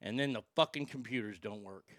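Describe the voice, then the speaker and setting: A man's voice: lowish voice, fairly quick, no echo. A man hosting a radio show, ranting angrily and swearing, feeling sick after being up all night. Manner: profane, ranting, shouting in outbursts. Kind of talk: angry talk radio rant. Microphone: broadcast board mic.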